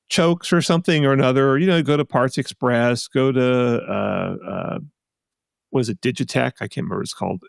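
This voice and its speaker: Mid-range and fry-tinged, this male podcast co-host's voice comes through at studio quality with no room sound. His casual chat wanders, full of restarts and side remarks.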